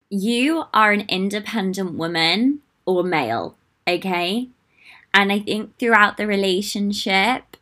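A woman's voice: on the low side, a bit bright. A young woman hosting her own podcast, talking casually in a sassy, chatty way with swearing and playful asides. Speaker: podcast host. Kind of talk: casual solo podcast talk.

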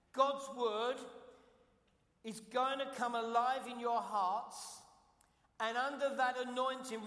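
A guest pastor from London, England, with a London English accent, preaches a sermon in a high, sharp male voice. He is emphatic, repeating key phrases and asking the congregation questions. The church sanctuary sounds big and echoey, with long reverb.

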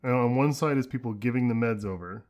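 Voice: mid-range voice, a little mellow, dull audio. A podcast co-host chiming in casually with jokes and short agreements during an episode recap. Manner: joking interjections, quick backchannels.

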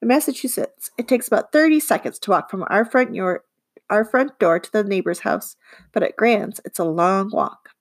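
A woman narrating a children's audiobook in the first person, with lively, girlish storytelling. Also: medium pitch, moderate pace. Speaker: audiobook reader.

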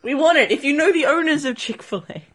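A woman's voice: high-pitched, animated, fast, fairly bright tone. Giggly Australian woman chiming in. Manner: giggly, chiming in with short remarks. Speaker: podcast co-host. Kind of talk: casual chat.

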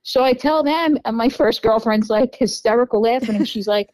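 A woman's voice: a little high, moderate pace, darkish tone, dry recording, poor audio. A woman guest on a podcast, telling a dating story casually, full of "you know" and "like" and swearing freely.

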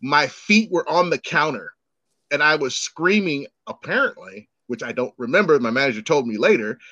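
A man's voice: a little high, moderate pace, no room sound, lo-fi sound. A middle-aged man hosting a podcast, telling stories in a casual chat, acting out the voices of the people in them and swearing freely. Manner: animated, acts out quoted voices, swears freely. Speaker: podcast host.

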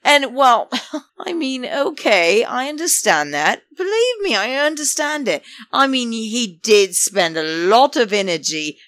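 A woman's voice: on the high side, sing-song, a little slow, fairly bright tone, dry recording. Gossipy woman, dry close sound. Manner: chatty, gossipy, laughs often, addresses viewers as darlings. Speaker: reality show commentator. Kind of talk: casual commentary vlog.

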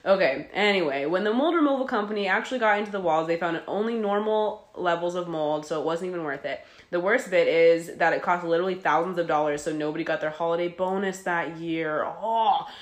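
A woman co-hosting a podcast, reading a listener letter aloud and telling her own stories in a chatty, animated way. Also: on the low side, fairly quick, hardly any pauses. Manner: chatty and animated, breaks into laughter. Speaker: podcast co-host. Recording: roomy echo.

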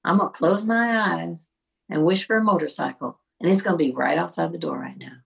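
A man's voice: on the high side, brisk, vocal fry, a bit bright, husky, full character voice. A woman voicing a skeptical male friend with a Southern accent, drawling and doubtful in a quoted story. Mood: sarcastic.

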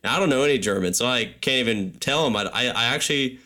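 A young man casually telling a travel story on a podcast, animated and full of filler words. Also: mid-range voice, fast talker.

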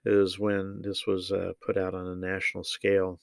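A man giving opinionated solo political commentary, measured and deliberate, with frequent ums and uhs. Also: deep voice, completely flat delivery, vocal fry, dry recording.

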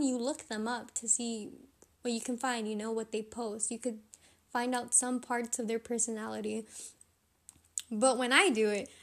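A young woman with a slightly high voice chats on her solo podcast. She rambles from thought to thought and keeps questioning herself. She breaks into laughter often as she talks. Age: young adult. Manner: chatty, rambling, self-questioning; laughs often while talking. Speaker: podcast host. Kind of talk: casual solo podcast chat.

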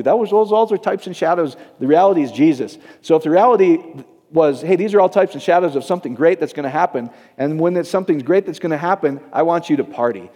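A man preaching a sermon, animated and joking, acting out quoted voices for his congregation. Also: sits high, fast, big-room sound. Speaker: pastor.

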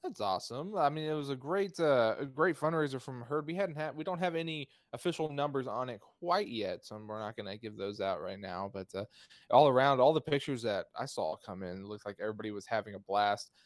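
A man's voice: medium pitch, a little fast, no echo, studio quality. A man hosting a casual chat, upbeat and jokey, laughing often. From Texas. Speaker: host.

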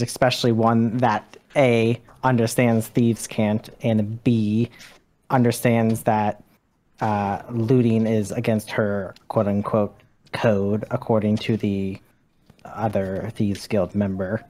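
A man's voice: fairly low pitch, flat delivery, slow, darkish tone. A man playing in a tabletop game, casually declaring what his character does. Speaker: player.

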